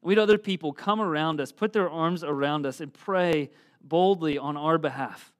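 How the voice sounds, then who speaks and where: A man's voice: a little high, moderate pace. Earnest man preaching a sermon. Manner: earnest, reads scripture aloud with emphatic swells. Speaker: pastor.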